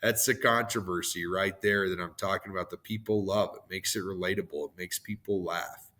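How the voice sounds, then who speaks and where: Male podcast host with a hoarse, shot voice, lowish pitch, rambling and tangent-prone, self-mocking. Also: fairly even intonation, fairly quick, sharp tone. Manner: rambling, goes off on tangents, laughs at himself. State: hoarse, worn-out voice. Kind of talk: motivational podcast monologue.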